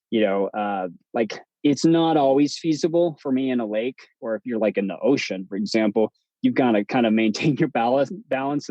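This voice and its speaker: Relaxed, mellow-voiced man telling stories. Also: mid-range voice, no room sound, muffled recording. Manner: relaxed, chatty, many fillers and restarts. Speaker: podcast guest, breathwork instructor. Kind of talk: casual storytelling interview.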